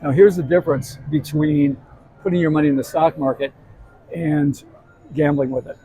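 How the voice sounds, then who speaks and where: Mellow-voiced man telling a gambling story. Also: fairly high pitch, moderate pace, rough recording. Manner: animated anecdotes with many restarts and asides. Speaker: show host and gambling expert. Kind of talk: casual storytelling chat. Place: live show at a casino hotel.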